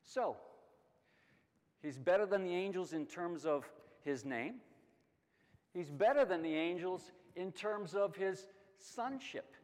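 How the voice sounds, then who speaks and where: A middle-aged man teaching a Bible lesson, emphatic and lively, asking questions and answering them himself. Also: high voice, slow. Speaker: Sunday school teacher. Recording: long hall reverb.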